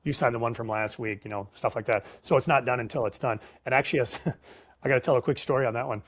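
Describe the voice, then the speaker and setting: Speaking fast in a dry recording, this middle-aged sales professional is an interview guest who tells stories casually. He's an animated storyteller who performs the dialogue and uses relaxed slang, his voice sitting in the mid-range.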